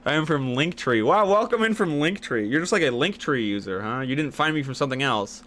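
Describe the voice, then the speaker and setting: Excitable male streamer, bright voice. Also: medium pitch, brisk. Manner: excitable, teasing, jumps from mumbling to yelling. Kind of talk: late-night live stream chat.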